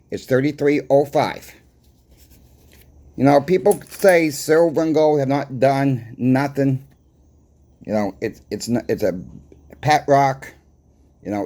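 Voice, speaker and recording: A man's voice: mid-range voice, warm tone. A man with a strong Boston accent talks through his weekly market numbers like a coin shop owner chatting across the counter. His delivery is conversational and repetitive, leaning on emphatic rhetorical questions to drive points home. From Boston, USA. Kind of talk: casual market report to camera.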